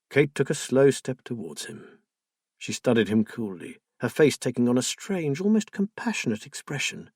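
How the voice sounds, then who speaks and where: Guy narrating a mystery audiobook, husky, lively pitch, dry close mic. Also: normal speed, dry recording.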